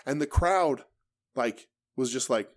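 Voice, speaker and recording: A man co-hosting a casual wrestling podcast, talking in a profane, animated way and mimicking promos. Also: medium pitch, slow. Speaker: podcast co-host.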